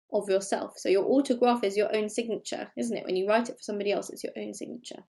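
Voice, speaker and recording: A woman with an English accent, teaching a recorded remote lesson to young pupils and clearly explaining and stressing key words. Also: medium pitch, darkish tone. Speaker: primary school teacher.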